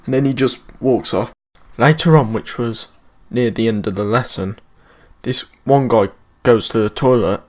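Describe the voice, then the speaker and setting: Man, British accent, casual story time vlog, slangy and sweary, mid-pitched voice. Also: normal speed. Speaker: vlogger.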